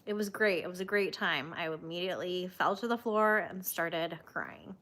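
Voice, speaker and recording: Hosting a crochet livestream, a woman reads viewers' live comments and chats casually, laughing a lot at her own expense. Her voice sits on the low side, a bit bright, at a moderate pace.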